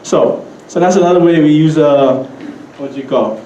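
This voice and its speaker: Hawaiian Pidgin man, relaxed, echoey hall. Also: on the high side, moderate pace, a little hiss or hum. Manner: relaxed storytelling, laughs often, asides to the audience. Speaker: keynote speaker. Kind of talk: conference keynote talk.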